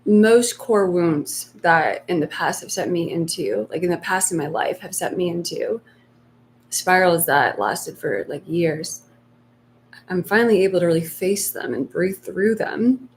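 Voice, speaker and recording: A woman giving spiritual coaching on a live stream, speaking softly and slowly and sometimes voicing inner fears in a hushed tone. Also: on the low side, a little hiss or hum. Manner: soft, slow and reflective, acting out inner voices in hushed tones. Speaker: meditation coach.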